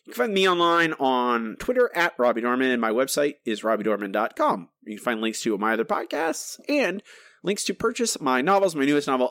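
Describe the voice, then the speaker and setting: A man co-hosting a casual podcast, arguing his points with animated energy and frequent restarts. His voice sits at an ordinary middle pitch. The recording is dry and close. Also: no echo. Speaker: podcast co-host.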